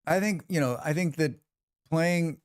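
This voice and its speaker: A man's voice: on the high side, a little slow, smooth, no room sound, clean studio sound. A man hosting a livestream, chatting casually with viewers and telling stories, acting out what others said and swearing freely. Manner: animated storyteller who acts out quotes and swears freely. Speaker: livestream host.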